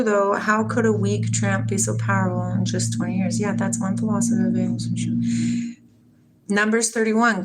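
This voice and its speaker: Gently laughing woman in her forties. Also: medium pitch. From Washington state, USA. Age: 40s. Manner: soft, affectionate, laughs often. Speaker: livestream host. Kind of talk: casual spiritual livestream chat, reading viewer comments.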